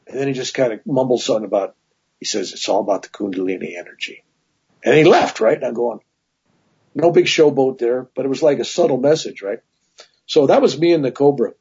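A man's voice: mid-range voice, fairly quick, breathy edge, dull audio. A man telling long personal stories as a guest in a casual interview, with many asides. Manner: rambling, animated anecdotes with many "right?" asides.

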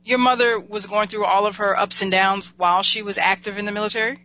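A woman's voice: mid-range voice, fairly even intonation, quick pace, pushed and bright. A woman hosting a casual interview, supportive, answering often with "okay". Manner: supportive, many "okay" acknowledgements. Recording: dull lo-fi sound with faint hum.

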